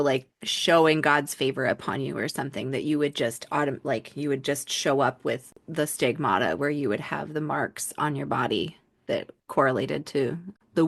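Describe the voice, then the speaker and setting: A woman co-hosting a podcast, talking frankly and with lots of swearing in a casual, animated chat. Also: sits low, dry recording. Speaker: podcast co-host.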